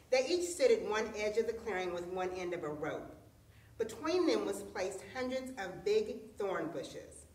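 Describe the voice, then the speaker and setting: A woman telling a folktale aloud as storyteller, expressive in delivery. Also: medium pitch. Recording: roomy echo, distant mic.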